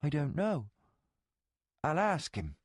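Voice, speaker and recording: Narrator putting on a small earnest girl; higher, lilting, simple halting lines, dry booth. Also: huge pitch swings, no echo, full character voice. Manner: simple, halting child's phrasing.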